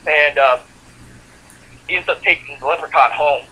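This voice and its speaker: Bright, husky man recapping casually. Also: fairly high pitch, normal speed, rough recording. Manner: rambling plot recap with frequent fillers and laughs. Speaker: podcast co-host. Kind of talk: casual chat.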